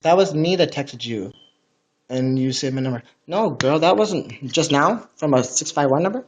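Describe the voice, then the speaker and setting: A man's voice: on the high side, animated, moderate pace. A man chatting casually on a livestream from his home, rambling and swearing often. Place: at home, indoors.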